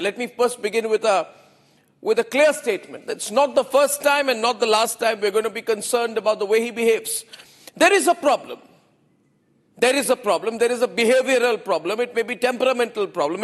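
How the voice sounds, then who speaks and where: Emphatic high-voiced Indian anchor. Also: male voice, fairly quick, long reverb tail. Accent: Indian English. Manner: emphatic, repeats phrases for effect. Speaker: news anchor. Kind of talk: opinionated TV news monologue.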